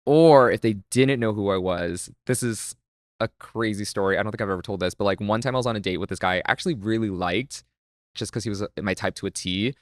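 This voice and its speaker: Fast, chatty young man telling stories. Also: on the low side, no room sound, studio quality. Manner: fast, chatty storyteller with lots of "like" fillers. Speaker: podcast guest, content creator. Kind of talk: casual chat.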